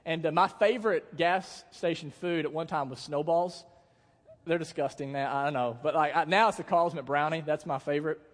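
Young male pastor, high voice, casual jokey sermon delivery, church hall with long reverb. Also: moderate pace. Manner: casual, joking storytelling with acted-out quotes.

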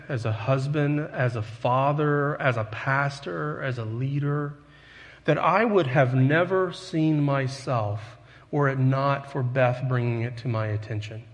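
A man preaching as a pastor, earnest and conversational, with self-deprecating asides to his congregation. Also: mid-range voice. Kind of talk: sermon. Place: church sanctuary. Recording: long hall reverb.

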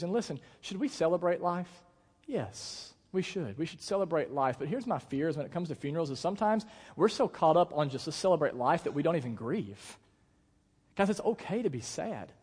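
A man's voice: fairly high pitch, lively intonation, fairly quick, darkish tone, breathy edge, long reverb tail. An American man, a pastor, giving a sermon in a casual, conversational way with lots of fillers. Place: church auditorium.

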